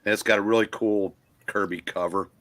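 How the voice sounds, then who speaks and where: An older man chatting casually about old comics, halting and restarting often as he reminisces. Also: on the low side, fairly even intonation, fairly bright tone. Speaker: guest collector on a comic livestream. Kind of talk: casual chat.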